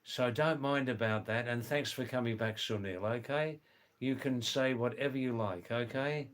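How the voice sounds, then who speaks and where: A man's voice: medium pitch, normal speed. A man hosting a casual livestream from indoors, chatting with viewers, greeting them by name and often laughing. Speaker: livestream host. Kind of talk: casual livestream chat, reading comments. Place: indoors, during a power cut.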